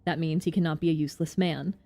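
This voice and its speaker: A woman's voice: sits low, fairly even intonation, fast talker, gravelly, warm tone. A woman doing a stern male town leader. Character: gruff male doctor-leader, stern and cold.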